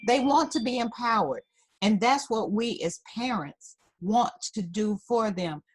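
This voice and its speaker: A woman's voice: on the high side, animated, a little slow, husky. A woman counselor, a talk-show guest, giving parenting advice in an emphatic, teacherly way. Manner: emphatic, teacherly, repeats key points. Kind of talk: advice in an interview.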